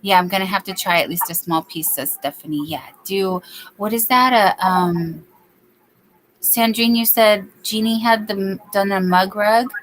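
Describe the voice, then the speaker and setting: A chatty woman hosts a relaxed late-night craft stream, reading out viewer comments as she works. Her voice sits in an ordinary middle pitch. A faint hiss of noise stays under her voice. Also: normal speed, poor audio. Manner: chatty, reads viewer comments aloud, baby-talks to her dog. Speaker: livestream host. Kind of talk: casual chat while crocheting.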